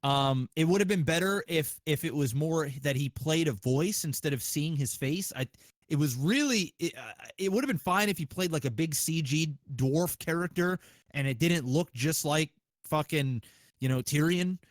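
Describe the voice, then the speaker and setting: A man hosting a podcast, chatting casually in an excitable, profane way with lots of restarts. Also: a little high, normal speed, dry recording. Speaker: podcast host.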